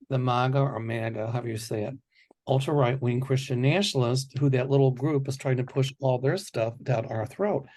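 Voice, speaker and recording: A man's voice: mid-range voice, dark tone. A man hosting a psychic predictions show, talking in a rambling, confident, casual way. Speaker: psychic host.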